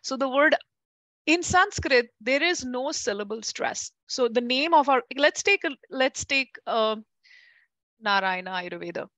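A woman with a fairly high, ringing voice leads a class in a lively, chatty way. She keeps asking her students questions and calls them by name. The sound is close and dry. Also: a little slow, dry recording. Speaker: Ayurveda teacher.

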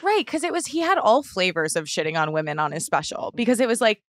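A woman co-hosting a casual podcast, chatty and animated, full of "like". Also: mid-range voice, quick pace, no echo, clean studio sound. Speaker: podcast co-host. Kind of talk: casual chat.

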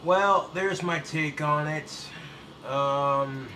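A man vents in blunt, profane reaction commentary, sarcastic and fired up. His voice is bright and pushed, sitting slightly high for a man. The sound bounces around a roomy space with a faint hiss underneath. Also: very slow. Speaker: YouTube commentator. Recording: roomy echo, set back from the mic, faint hiss.

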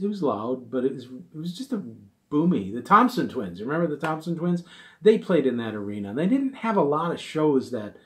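A middle-aged man tells a casual, rambling story about his band's early days, in a voice that sits at an ordinary middle pitch. He drifts through fond asides and quotes other people along the way. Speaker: musician telling a gig story.

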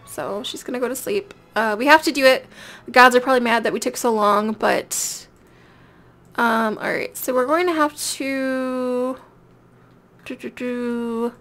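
A woman's voice: sits high, a bit bright. A woman giving casual let's-play commentary, chatting away and talking straight to the characters on screen. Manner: chatty, talks directly to the game characters. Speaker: gameplay video creator.

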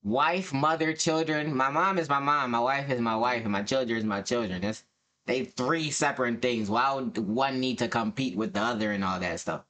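A man streaming live, mocking what he watches with loud, profane asides. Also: mid-range voice, moderate pace. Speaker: streamer reacting to a dating show. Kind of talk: casual live-stream commentary.

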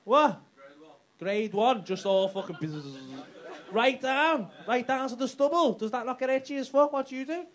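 A man's voice: very high-pitched, lively intonation, moderate pace. A man doing brash, sweary stand-up crowd work in a comedy club. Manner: brash, sweary banter with the audience. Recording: live club with loud crowd laughter.

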